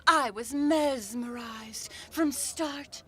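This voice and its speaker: A woman's voice: high voice, very slow. A woman gushing in a theatrical way.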